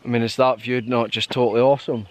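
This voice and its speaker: This young hiking vlogger from Scotland talks fast, with a medium pitch and a level tone. He chats casually and tells stories outdoors on a hill trail, laughing a lot along the way.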